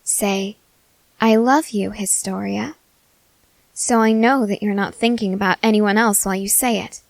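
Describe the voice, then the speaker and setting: A young woman voicing an obsessive, possessive queen in an ASMR role-play, talking softly and insistently. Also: medium pitch, fairly even intonation, vocal fry, dry recording. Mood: commanding. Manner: slow, soft, controlling and insistent.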